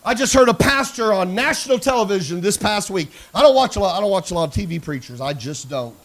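A man with a high voice preaching a sermon in a church. He tells his story quietly, then rises to loud shouted preaching and calls out to the congregation. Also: lively intonation, quick pace. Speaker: pastor. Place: church sanctuary.

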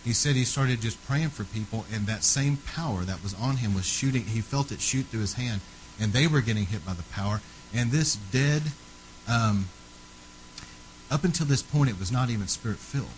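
A man preaching with fervor in a sermon, his voice sitting at an ordinary middle pitch. He climbs to loud, pressing peaks and then sinks back to low, quiet lines. A faint hum sits under the recording. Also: normal speed, low-quality recording. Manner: fervent, rising to loud emphatic peaks then dropping low.

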